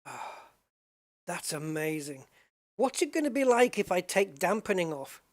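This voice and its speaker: A man's voice: high-pitched, big pitch swings, unhurried. A man giving live commentary while driving a racing sim, exclaiming often as he wrestles a heavy wheel. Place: home sim rig. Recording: loud racing game engine noise behind.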